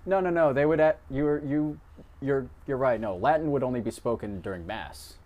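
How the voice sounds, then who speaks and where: A man co-hosting a casual podcast chat, rambling through half-remembered history, quick to correct the others and swearing casually. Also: mid-range voice, muffled recording. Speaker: podcast co-host.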